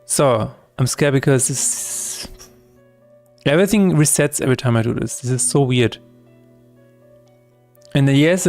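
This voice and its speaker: In a mid-pitched, slightly mellow voice, a man codes his game on a live stream, chatting through every step. He often catches and corrects himself along the way.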